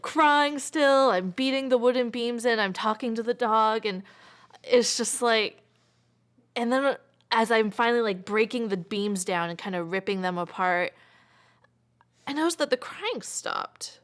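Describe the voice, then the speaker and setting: A woman's voice: mid-range voice, a bit bright. A woman in her twenties telling a personal story in an interview, chatty and full of filler words, sometimes dropping almost to a whisper. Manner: chatty, frequent filler "like", drops to near whisper.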